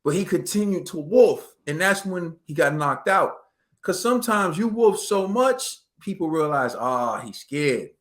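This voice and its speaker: On a casual boxing talk show, a high-pitched co-host talks at normal speed. He tells the story with animation and slang, acting out what people said.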